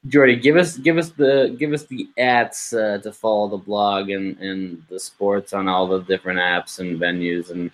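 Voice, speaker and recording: A man's voice: on the low side, fairly even intonation, normal speed, hardly any pauses, low-quality recording. A young man co-hosting a sports podcast, talking casually and hesitantly with many fillers. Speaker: podcast co-host.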